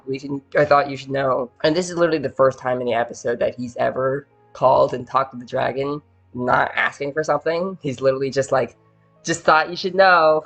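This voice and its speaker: A man's voice: medium pitch, muffled recording. Rambling casual man recapping a series. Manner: rambling, filler-heavy, acts out characters' lines. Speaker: video essay host.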